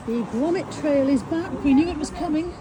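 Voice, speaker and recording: A woman's voice: sits high, moderate pace, background noise. A woman vlogging casually to her camera, with wry, self-deprecating storytelling. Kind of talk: casual chatty vlog.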